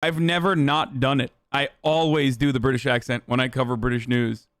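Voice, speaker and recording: A man's voice: medium pitch, little pitch movement, brisk, fairly bright tone, clean tone, no echo. A male streamer giving casual, sarcastic and profane commentary on the news.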